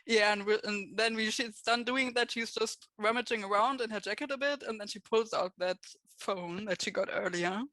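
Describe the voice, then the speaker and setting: A woman's voice: mid-range voice, moderate pace, sharp tone, dry recording, rough recording. Woman player, dry close sound. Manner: plans and describes her bear character's actions. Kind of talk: casual tabletop role-play.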